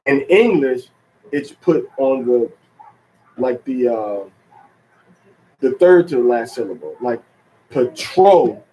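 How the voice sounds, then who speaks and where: A man teaching a religious lesson in an unhurried, halting way, with many fillers and restarts, drawing out the words he stresses. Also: medium pitch, expressive, warm tone, a little hiss or hum, low-quality recording. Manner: drawn-out stress on key words. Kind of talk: teaching talk.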